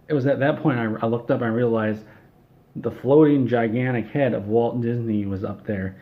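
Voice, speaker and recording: A man's voice: mid-range voice, highs cut off. A man telling an absurd comedic story in a rambling, offhand way. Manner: rambling, offhand, with fillers and restarts.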